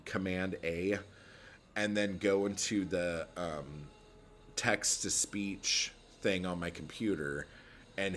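A man talking casually about writing craft, blunt and profane, rambling with lots of filler words. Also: fairly low pitch. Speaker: poet giving writing advice. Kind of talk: casual talking-head vlog.

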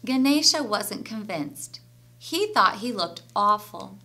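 A woman teacher reading a children's story aloud with an expressive storyteller voice. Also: mid-range voice, takes it slowly.

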